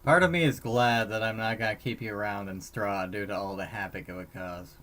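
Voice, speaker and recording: A man's voice: fairly low pitch, brisk, a bit bright. A man acting as game master for a tabletop game over voice chat, teasing the players and stumbling over restarts. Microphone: computer mic on voice chat.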